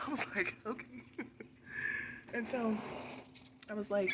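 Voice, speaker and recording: A woman's voice: fairly high pitch, noisy background. Chatty woman vlogger rambling through a story. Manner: rambling, chatty, quick asides and laughs. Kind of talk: casual storytelling.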